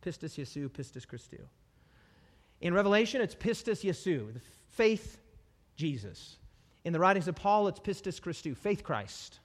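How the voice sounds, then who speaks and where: A male preacher giving a sermon to a live congregation, animated and repetitive, dropping humorous asides. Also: high voice, moderate pace. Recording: long hall reverb.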